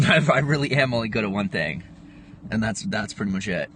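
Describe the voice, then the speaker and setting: A man in his twenties hosts a livestream from his home in Pennsylvania, rambling casually as he answers viewer comments. His voice is lowish and fairly bright, with lively intonation and a fairly quick pace. A little hiss or hum sits under the audio.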